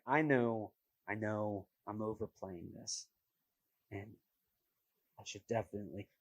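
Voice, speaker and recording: A man's voice: fairly low pitch, a little mellow, dry recording, low-quality recording. A young man hosting a podcast, chatting casually with a rambling, self-mocking humor and lots of fillers. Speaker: podcast host. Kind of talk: casual chat.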